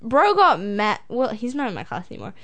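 A woman's voice: fairly high pitch, brisk. Giggly teen girl telling stories. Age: teens. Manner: animated, laughing storyteller. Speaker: student storyteller. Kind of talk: casual chat.

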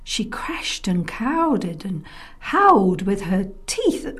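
A woman storyteller narrating a children's tale, expressive and often dropping to a soft whisper. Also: medium pitch, slow. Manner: softly whispered in places, expressive.

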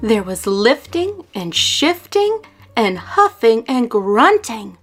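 A woman reading a rhyming children's picture book aloud in a lively, sing-song way. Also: on the high side, takes it slowly, faint music behind. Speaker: storyteller.

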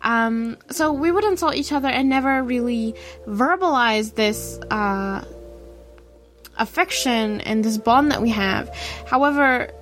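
A young woman from New Zealand talking casually on her radio show, rambling and animated, full of fillers and acted-out quotes. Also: fairly high pitch, measured pace, faint music behind. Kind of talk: casual solo radio talk. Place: radio studio.

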